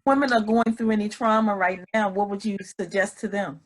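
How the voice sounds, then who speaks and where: A woman's voice: mid-range voice, fairly even intonation, brisk. Woman host asking interview questions.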